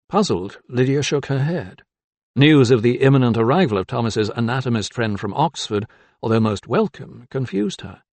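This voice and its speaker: Dramatic male audiobook narrator, lively pitch. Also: a little fast, no room sound. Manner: dramatic, expressive reading.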